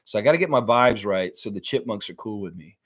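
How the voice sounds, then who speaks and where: A man's voice: on the low side, expressive, fast talker. Rambling male live streamer. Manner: rambling, reads chat aloud, laughs often. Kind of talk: casual live stream chat.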